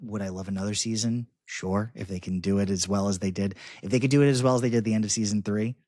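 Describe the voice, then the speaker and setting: A man co-hosting a podcast in casual chat, talking in halting bursts with frequent restarts. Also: fairly low pitch, fairly even intonation, darkish tone, dry recording, clean studio sound. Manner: halting, many restarts and fillers. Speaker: podcast co-host.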